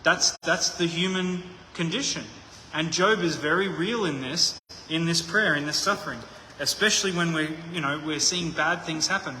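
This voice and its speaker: A man's voice: a little high, moderate pace, few pauses, bright, forceful tone, a little hiss or hum. A man preaching a conversational sermon, thinking aloud with frequent restarts. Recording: echoey hall with long reverb.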